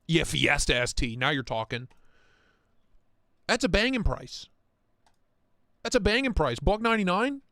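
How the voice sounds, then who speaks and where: A man hosting a casual live stream, talking in excitable, profane, rambling rants. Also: on the high side, measured pace, long pauses, dry recording, studio quality. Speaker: livestream host.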